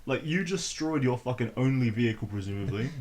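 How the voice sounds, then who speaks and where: A man's voice: medium pitch, animated, quick pace, darkish tone. A man co-hosting a podcast, chiming in with blunt, profane reactions and frequent laughter. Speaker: podcast co-host. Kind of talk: casual chat.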